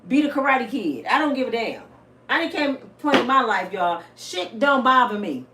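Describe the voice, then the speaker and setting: Blunt, lively woman vlogging in a roomy space. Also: on the high side, normal speed. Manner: blunt, salty, animated storytelling. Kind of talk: casual monologue to viewers. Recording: roomy, a bit distant, faint hiss.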